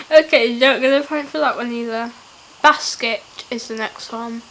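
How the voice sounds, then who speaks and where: A woman's voice: on the high side, unhurried, bright, forceful tone, slight background noise, rough recording. A young woman vlogging in a casual, playful and giggly way, often laughing at herself. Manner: giggly, playful, self-mocking. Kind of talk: casual challenge vlog.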